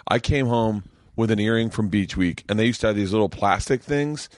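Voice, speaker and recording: Animated man acting out stories. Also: on the low side, fairly quick, dry recording, studio quality. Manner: animated storyteller, acts out dialogue, laughs often. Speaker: podcast host. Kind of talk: casual chat.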